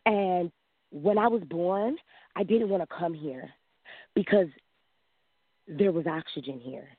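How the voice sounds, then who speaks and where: A woman in her thirties calling in, telling a long personal story in a lively way, acting out quotes and laughing often. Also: fairly low pitch, moderate pace, long pauses, breathy edge, no echo. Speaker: caller. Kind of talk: casual storytelling. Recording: dry tinny phone line.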